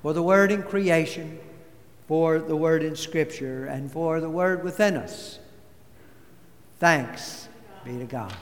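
A man preaching a sermon in a church, measured and deliberate, weaving in a story. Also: fairly high pitch. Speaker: pastor. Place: church sanctuary. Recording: long church reverb.

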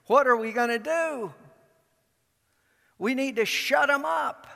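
Panicked officials fretting in a raised, hurried voice, put on by a male preacher. The voice stays high for a man, and the church's long reverb lingers behind it. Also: creaky, sharp tone, heavily acted. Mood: alarmed. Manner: flustered and urgent. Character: alarmed city authorities, a worried group of men.

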